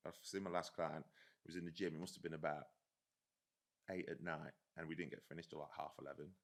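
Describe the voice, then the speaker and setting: Brit army vet, low voice, talks quick, rambly and sweary, lots of "do you know what i mean". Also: male voice, fairly even intonation, vocal fry. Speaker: guest, army veteran. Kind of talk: casual storytelling in a podcast chat.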